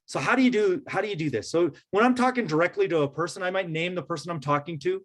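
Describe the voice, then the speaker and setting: A man presents to a room of educators in a loose, conversational way. His voice sits a little on the high side. He keeps checking in with listeners as he goes. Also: fast. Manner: conversational, many fillers and "right?" check-ins. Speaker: trainer leading a teacher workshop.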